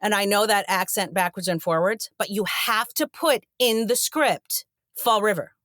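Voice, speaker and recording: A woman's voice: mid-range voice, normal speed, dry recording, studio quality. A middle-aged actress guest in a casual interview, telling stories and acting out the people she quotes. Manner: animated storyteller acting out quoted voices.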